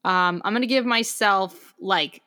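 A woman co-hosts a podcast in loose, casual chat. Her bright, clear voice sits at an ordinary pitch, and she talks playfully with small giggles and false starts. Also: measured pace. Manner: playful, giggly, hesitant restarts. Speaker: podcast co-host.

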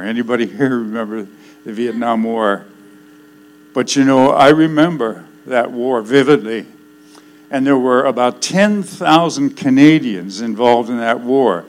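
An older man preaching a sermon, swinging between loud declarations and hushed, solemn passages. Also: mid-range voice, unhurried, poor audio.

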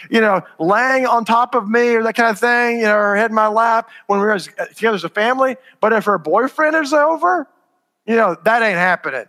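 High, bright-voiced man speaking in a hall. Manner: conversational, asks the audience if it makes sense. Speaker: conference speaker. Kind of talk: conference talk to parents. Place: conference hall. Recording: reverberant hall.

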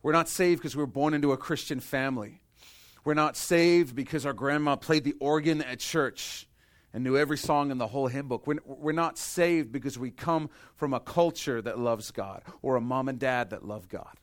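Male pastor, mid-pitched voice, sermon delivery that drops to a hush and then builds to emphatic bursts. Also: normal speed. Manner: impassioned, swings from hushed to emphatic; rhetorical questions and repetition.

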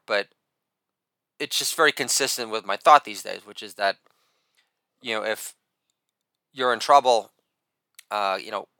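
A middle-aged man reads his own satirical rant, profane and sardonic, and shouts a catchphrase. His voice is medium-pitched and smooth, recorded with no echo.

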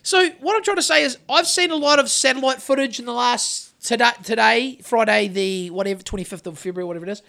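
A woman's voice: fairly high pitch, quick pace, gravelly, few pauses, fairly bright tone. A woman co-hosting a casual chat podcast from a couch, rambling and swearing, restarting sentences, close to a phone mic. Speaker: podcast co-host. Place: living room couch. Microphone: phone held close to her.

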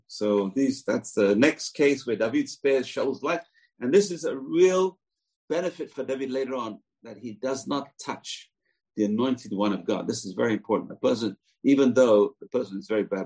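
A man's voice: fairly low pitch, a little mellow, breathy edge, poor audio. A man teaching a scripture lesson in a chatty, digressive way, with side comments. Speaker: Torah teacher.

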